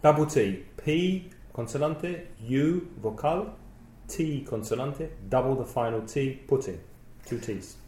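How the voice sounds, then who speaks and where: A man's voice: medium pitch, expressive, unhurried, darkish tone, echoey room, a little hiss or hum. Careful man spelling words aloud. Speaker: student co-host. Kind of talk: answering questions in a podcast lesson.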